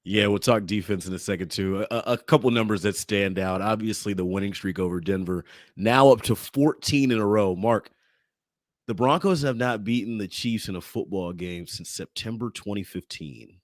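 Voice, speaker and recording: Man co-host, lowish voice, dry sound, chatty sports talk. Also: normal speed, dry recording. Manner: chatty, stumbles and repeats words. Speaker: podcast co-host. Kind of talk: casual sports podcast chat.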